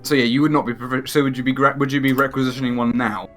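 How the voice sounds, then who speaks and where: A man's voice: medium pitch, flat delivery, faint music behind. A man running a tabletop game as game master, talking loosely and joking with his players. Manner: loose, rambling, quick to joke.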